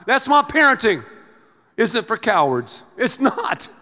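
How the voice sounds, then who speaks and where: A middle-aged male pastor preaching a sermon in a theatrical, animated way, acting out everyday scenes. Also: very high voice, takes it slowly. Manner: animated, theatrical, acts out scenes with big swings in loudness. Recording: long reverb of a large hall.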